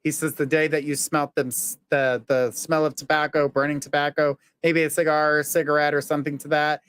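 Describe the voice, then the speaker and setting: A man's voice: fairly high pitch, little pitch movement, brisk, fairly bright tone, clean tone, no echo, studio quality. Earnest man giving a psychic reading. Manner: earnest, reassuring, relays messages in the first person. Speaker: psychic medium host.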